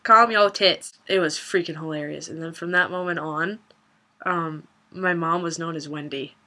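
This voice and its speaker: A woman's voice: on the low side, steady tone, normal speed, background noise. A young woman vlogging a funny personal story in a casual, chatty way, swearing and laughing as she goes.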